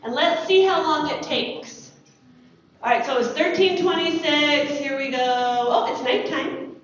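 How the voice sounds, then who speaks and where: American woman running a planetarium class, high voice, booms around a big dome from far off. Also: a little slow, heavy reverb, lo-fi sound, slight background noise. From United States. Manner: lively, chatty, asks questions. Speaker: astronomy teacher.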